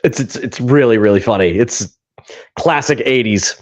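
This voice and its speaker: A man, hosting a casual podcast chat and excitedly retelling comedy scenes, swearing and laughing as he goes. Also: medium pitch, moderate pace. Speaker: podcast host. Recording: dull lo-fi sound.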